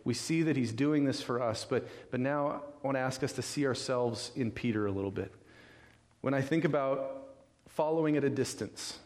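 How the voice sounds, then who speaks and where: A male pastor from California delivers a sermon with lively storytelling. He slips in and out of character voices and keeps asking his listeners questions. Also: mid-range voice, moderate pace. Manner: animated storytelling, acting out voices, rhetorical questions.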